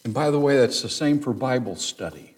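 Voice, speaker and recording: A man's voice: mid-range voice, lively intonation, a little fast. A man teaching a Bible study sermon, reading scripture aloud with dramatic emphasis.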